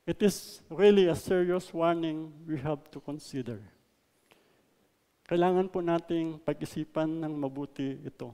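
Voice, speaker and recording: A man with a Filipino accent preaching a sermon, mixing English and Tagalog, stressing words loudly and then letting lines trail off softly. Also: a little high, unhurried, clean tone, long reverb tail. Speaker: pastor. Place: church hall.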